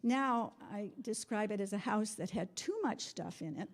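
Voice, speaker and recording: A woman's voice: mid-range voice, expressive, normal speed. A middle-aged woman giving an earnest, meandering personal testimony to a congregation in a spiritual center, laughing often.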